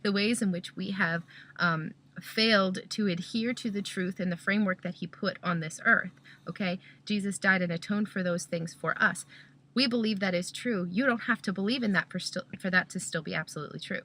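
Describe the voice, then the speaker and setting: A woman's voice: mid-range voice, a little fast, fairly bright tone. A Christian mother giving a casual spoken talk, explaining step by step and often checking in with "okay?".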